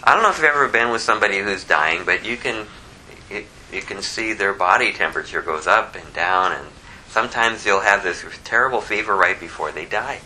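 A man preaching an expository Bible sermon in an animated way, reading scripture aloud and swinging from hushed asides to loud, emphatic bursts. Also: lowish voice, brisk, a little hiss or hum, poor audio. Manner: reads scripture aloud in King James wording. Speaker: pastor.

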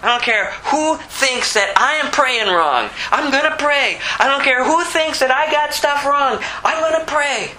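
A preacher acting out a desperate blind beggar. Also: male voice, very high-pitched, expressive, fairly quick, slight background noise, voice pushed up, full character voice, rough recording. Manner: pleading, shouting, insistent. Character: desperate blind beggar man crying out loudly.

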